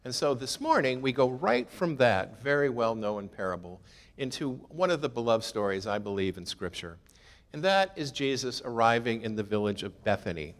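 A man's voice: medium pitch, expressive, fairly quick, big-room sound. A man preaching a sermon in a chatty, conversational way, with rhetorical questions and self-deprecating humor. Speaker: pastor.

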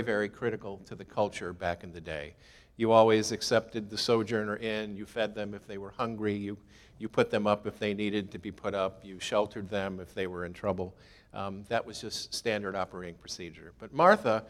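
Conversational male preacher in echoing hall. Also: medium pitch. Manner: conversational, rhetorical questions, self-deprecating humor. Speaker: pastor. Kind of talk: sermon.

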